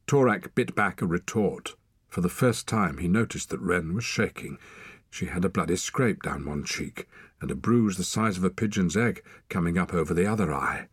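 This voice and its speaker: A man with a very deep, husky voice narrates an audiobook with dramatic expression. His pitch swoops widely, and he sometimes sinks to a near whisper. The sound is dry and close. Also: normal speed, no room sound. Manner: dramatic, expressive, hushed at times.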